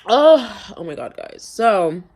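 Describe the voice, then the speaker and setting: A woman's voice: mid-range voice, sing-song, slow pace, a little mellow. A young woman vlogging casually from her car, rambling with lots of fillers while reading notes aloud. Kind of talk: casual reminiscing vlog.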